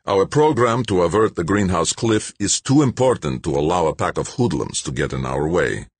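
A man's voice: low voice, animated, moderate pace, husky, dry recording, voice pushed up, full character voice. A man voicing an ambitious, proud male politician who speaks in a formal, controlled way. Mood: guarded, stern.

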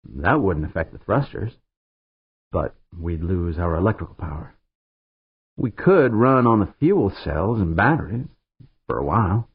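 A man's voice: low voice, very animated, measured pace, long pauses, breathy edge, dry recording, heavily acted. A man narrating an audiobook voices a brash, confident young woman pilot in a raised, breezy voice. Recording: narrow phone-like sound, dry.

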